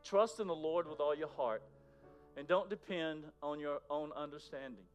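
A man preaching a sermon in a conversational way, moving between loud emphasis and near-whispers. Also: on the high side, moderate pace, dull audio, soft background music. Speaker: pastor.

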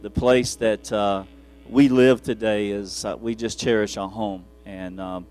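A man's voice: fairly low pitch, steady tone, unhurried, darkish tone, faint music behind. A man preaching as a pastor, telling rambling, self-deprecating stories from the pulpit with frequent chuckles. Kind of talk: folksy storytelling from the pulpit.

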